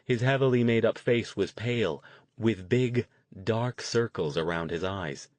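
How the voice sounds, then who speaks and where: The recording is dry: a man with a lowish voice narrates a novel in a steady, measured manner. He's an audiobook narrator delivering scripted narration.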